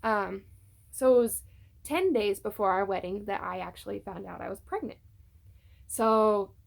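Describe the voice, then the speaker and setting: A woman's voice: mid-range voice, measured pace, creaky. A young woman chatting casually to her phone camera at home, telling a personal story with many fillers. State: tearful at times. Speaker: vlogger. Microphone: phone on a tripod.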